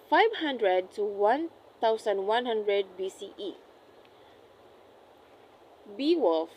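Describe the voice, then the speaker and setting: A young woman, a student, reading a class report aloud, carefully and deliberately, often correcting herself mid-phrase. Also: fairly high pitch, rough recording. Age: young adult. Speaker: student presenting an assessment.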